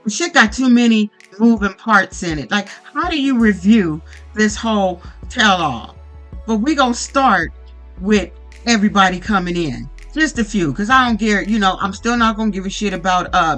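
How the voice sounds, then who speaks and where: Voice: mid-range voice, normal speed, faint music behind, poor audio. Blunt, profane reality-TV recapper. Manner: blunt, profane, animated ranting. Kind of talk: casual profane commentary.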